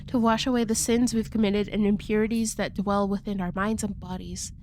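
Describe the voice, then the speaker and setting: A woman's voice: mid-range voice, flat delivery, a little mellow, slight background noise, lightly acted. A woman reading as a solemn chanting shrine wife. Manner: slow solemn chanting with stumbles over words. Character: woman chanting a purification prayer over her dying husband.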